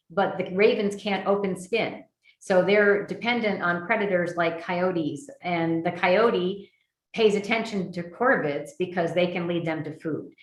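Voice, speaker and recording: Middle-aged new lady giving a chatty bird talk, lowish voice, roomy echo. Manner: chatty, with many fillers and restarts. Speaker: birding workshop presenter. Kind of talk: virtual lecture with slides.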